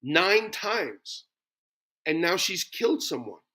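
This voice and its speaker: A man's voice: high-pitched, big pitch swings, takes it slowly, bright, forceful tone. A middle-aged man speaking as an interview guest, blunt and emphatic. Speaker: guest, former wrestler. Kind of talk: casual interview talk.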